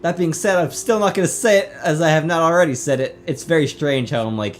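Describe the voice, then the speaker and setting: A man co-hosting a casual gaming chat, a little drunk, rambling, swearing and bursting into loud laughs. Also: a little high, fast talker, soft background music. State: tipsy. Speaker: let's play co-host.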